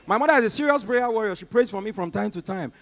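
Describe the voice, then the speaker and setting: A Nigerian man with a high-pitched voice performs live stand-up comedy. He tells his stories with animated energy and keeps turning to address the audience directly. His Nigerian accent colors every line. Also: fast, in a large hall.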